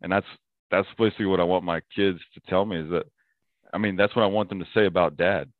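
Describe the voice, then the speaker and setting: A man's voice: low voice, fairly even intonation, fast talker, no room sound. A man as a podcast guest in casual talk, earnest, often quoting scripture and laughing easily. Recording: thin phone-like sound.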